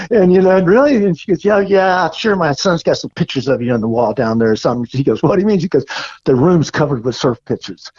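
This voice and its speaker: Husky older man telling surf stories. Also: mid-range voice, brisk. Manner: animated storyteller, acts out quoted voices. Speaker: surfer guest. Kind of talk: casual storytelling interview. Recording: dull lo-fi recording.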